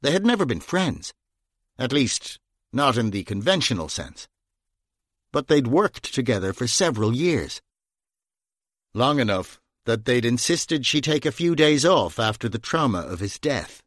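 A man reading a crime novel aloud in measured, even narration, close to the mic. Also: mid-range voice, no echo. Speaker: audiobook narrator. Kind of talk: scripted narration.

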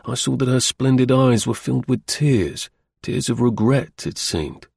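Gravelly male audiobook narrator. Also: mid-range voice, lively intonation, a little mellow, dry recording, clean studio sound. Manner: measured, formal storytelling. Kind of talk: scripted narration of a period novel.

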